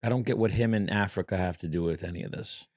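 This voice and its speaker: Lowish guy hosting a podcast, teasing and skeptical, dry close sound. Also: quick pace, darkish tone, dry recording. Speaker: podcast host. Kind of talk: casual podcast chat.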